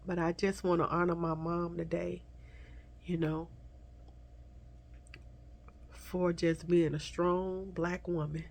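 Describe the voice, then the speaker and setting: A woman vlogger tearfully telling a personal story to her viewers, speaking softly and haltingly, at times dropping to a whisper. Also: fairly low pitch, flat delivery, gravelly. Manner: soft, halting, slips into whispers, addresses viewers as y'all.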